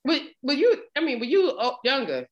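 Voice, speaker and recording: A woman's voice: sits high, big pitch swings, moderate pace, muffled recording. A woman from New York co-hosting a casual chat, candid and slangy, often laughing. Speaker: podcast co-host.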